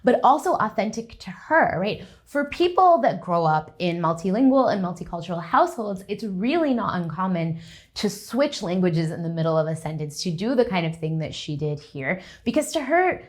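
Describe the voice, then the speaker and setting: A woman's voice: fairly low pitch, big pitch swings, normal speed. A young adult woman, a linguistics professor, giving a conversational conference lecture and often checking in with the audience.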